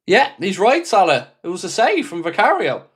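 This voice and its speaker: A man's voice: high voice, wildly swooping pitch, normal speed, a bit bright, slightly rough. Exasperated man commentating a live watchalong. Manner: frustrated, exasperated, swears freely; reads out viewers' chat messages. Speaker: fan channel host.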